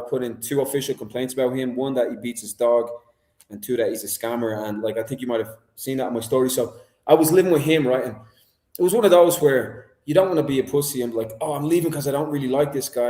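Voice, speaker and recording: A man's voice: medium pitch, dark tone. Chatty man in an echoey room. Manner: chatty, rambling, self-deprecating. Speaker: guest. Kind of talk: casual livestream chat. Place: indoor room. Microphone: video call. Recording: echoey room over video call.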